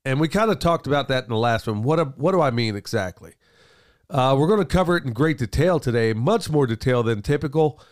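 A man's voice: medium pitch, animated, a little fast. A man co-hosting a casual podcast with a stuffy, congested voice from a cold. He is folksy and talks straight to the listeners, calling them folks and y'all. He speaks into a studio mic. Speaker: podcast co-host, father. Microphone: studio mic with headphones.

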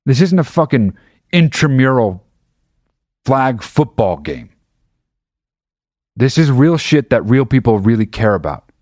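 A man's voice: mid-range voice, big pitch swings, measured pace, long pauses, a little mellow, no echo, clean studio sound. A man hosting his own podcast, talking in a casual, profane and emphatic monologue. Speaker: podcast host.

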